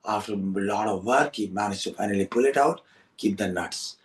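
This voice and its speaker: Animated storyteller, distant mic. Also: male voice, lowish voice, moderate pace. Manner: animated, repetitive, coaxing. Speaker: storyteller and host. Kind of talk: storytelling to young listeners.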